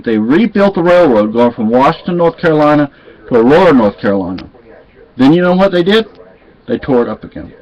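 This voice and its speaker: A man telling a story to his viewers in a casual, digressive way, stopping to correct himself. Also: mid-range voice. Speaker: vlogger. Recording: dull lo-fi home recording.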